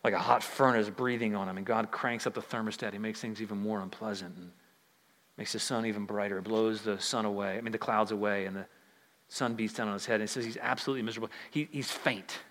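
Bright-voiced preacher in a ringing hall. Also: male voice, lowish voice, steady tone, quick pace. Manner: conversational, emphatic preaching. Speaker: pastor. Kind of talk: sermon.

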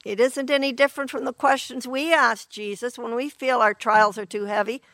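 A woman preaching a sermon in an earnest, unhurried way, often clearing her throat. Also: on the high side, steady tone, fairly bright tone, dry recording.

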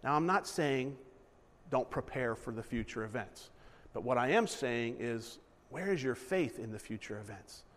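A man's voice: mid-range voice, expressive, normal speed, big-room sound. A man preaching a sermon in a conversational style, acting out little asides and correcting himself mid-sentence. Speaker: pastor.

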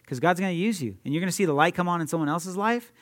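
Young guy preaching, kinda high voice, chatty and pumped, laughs a lot. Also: racing. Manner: energetic, conversational preaching with frequent laughs and asides. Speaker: preacher at a youth ministry. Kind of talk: sermon.

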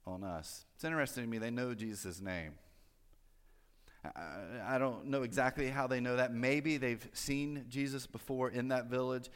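A man preaching a sermon in a church, explaining scripture in a conversational way, with fillers and joking asides. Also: medium pitch. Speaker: pastor. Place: church sanctuary. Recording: long hall reverb.

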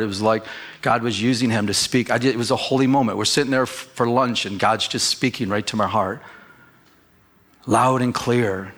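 A middle-aged male pastor telling a personal story in a sermon, animated and conversational, acting out his own past words. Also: medium pitch. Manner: storytelling, animated when quoting himself.

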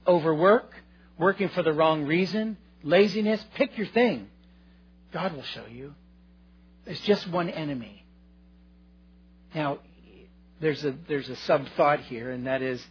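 A man's voice: on the high side, slightly rough, lo-fi sound. A male pastor preaching a sermon, earnest and conversational, addressing his listeners directly.

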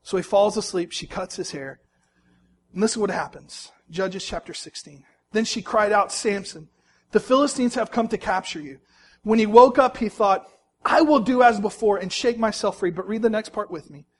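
A male preacher with a notably high voice delivers a sermon. He tells a scripture story with animated, rising emphasis and then drops into hushed, low asides. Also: moderate pace. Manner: storytelling, lively swings between loud emphasis and soft, low asides.

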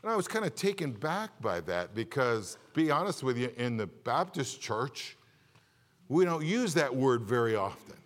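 A man's voice: mid-range voice, very animated, moderate pace, long reverb tail. A man preaching a sermon as a Baptist pastor, impassioned, asking the congregation rhetorical questions and building to emphatic peaks.

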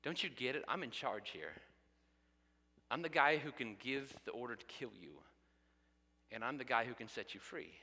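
A preacher acting as a desperate, blustering Roman governor. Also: male voice, medium pitch, expressive, normal speed, pauses often, sharp tone, breathy edge, big-room sound, heavily acted. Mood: desperate demanding. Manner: demanding, blustering.

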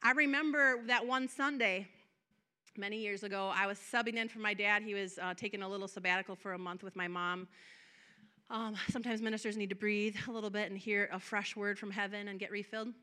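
A woman preacher delivering an impassioned sermon, moving between soft, drawn-out passages and loud, emphatic declarations. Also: mid-range voice, steady tone, smooth. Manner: acts out quoted prayers and dialogue.

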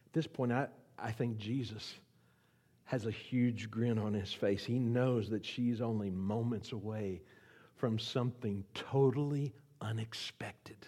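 A man delivering a sermon as a guest pastor, swinging from loud pleas to hushed whispers and asking the congregation to repeat lines. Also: on the low side, fairly even intonation, a little slow. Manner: asks the audience to repeat lines.

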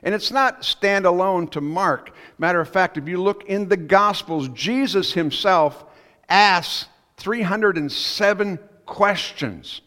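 A man's voice: sits high, slow pace, pushed and bright. A man preaching a sermon as pastor, telling a story in a conversational, musing way. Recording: long reverb of a church hall.

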